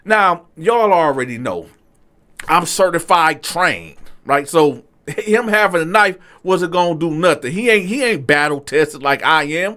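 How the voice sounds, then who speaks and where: Animated man telling a street story. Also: a little slow. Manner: animated, slangy, swings from low asides to loud outbursts. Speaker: channel host telling his own story. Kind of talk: casual storytelling to viewers.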